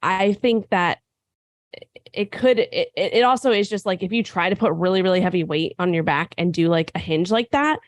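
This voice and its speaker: A woman co-hosting a fitness podcast, sick and raspy, explaining at length in casual chat with frequent fillers. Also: fairly low pitch, normal speed, no echo. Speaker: podcast co-host and nutrition coach.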